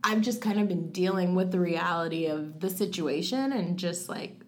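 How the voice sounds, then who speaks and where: Young woman telling a story, slightly low voice. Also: darkish tone, a little hiss or hum. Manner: frequent "like" fillers, acts out her own past thoughts in quotes; rushes through phrases, then slows on key words. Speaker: guest sharing a personal story. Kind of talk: casual conversational storytelling.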